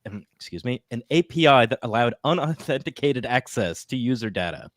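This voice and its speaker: A man's voice: medium pitch, lively intonation, brisk, dry recording. Podcast co-host, male, casual and chatty, dry close sound. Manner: chatty, with fillers and asides.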